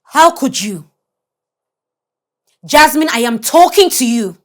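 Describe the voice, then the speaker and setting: A woman's voice: sits high, expressive, slow. An actress playing a firm woman counselor at a rehab center who scolds and questions a troubled girl in a film drama. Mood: stern.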